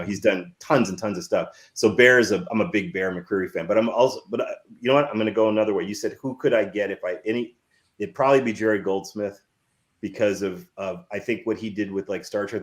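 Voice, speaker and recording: Guy in his 50s, filmmaker guest, really deep voice, rambly animated storytelling w lots of restarts. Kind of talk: casual interview storytelling.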